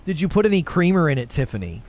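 A man's voice: on the high side, big pitch swings, quick pace, darkish tone. A man in his thirties hosting a casual live stream, upbeat and chatty, thanking viewers by name. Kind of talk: casual chat reading viewer comments.

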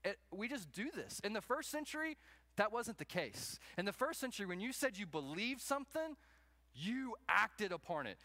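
A man delivering a sermon with a high, bright voice. He preaches in an animated way, jumping into raised voices to act out everyday scenes for the congregation. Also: no echo. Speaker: pastor.

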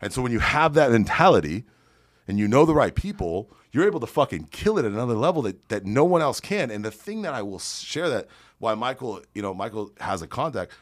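A man's voice: mid-range voice, very animated, a little fast, no echo, studio quality. A man guesting on a podcast as a real estate investor, telling brash, boastful stories full of swearing. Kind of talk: profane storytelling on a podcast.

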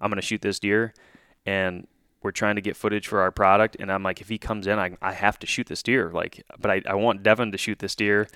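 A man's voice: fairly low pitch, little pitch movement, brisk, hardly any pauses, sharp tone, clean tone, no echo, clean studio sound. A man co-hosting a hunting podcast, telling a hunting story in casual chat with lots of restarts and quoted dialogue. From Michigan.

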